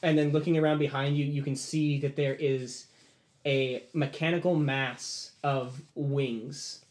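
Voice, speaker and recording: A man's voice: medium pitch, level tone, measured pace, a little mellow. A man running a tabletop game as game master, narrating in a rambling way with restarts.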